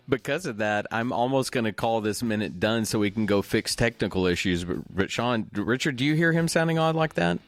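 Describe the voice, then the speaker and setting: A man's voice: mid-range voice, lively intonation, normal speed, no room sound. A man co-hosting a podcast in casual chat, frank and joking, steering the conversation. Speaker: podcast co-host.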